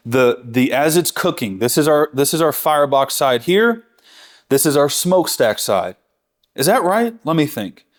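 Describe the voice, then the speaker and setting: Here a barbecue teacher speaks a little high, animated and at a moderate pace, in a casual live cooking lesson. He explains the task step by step with enthusiasm, chatting freely and catching his own mistakes.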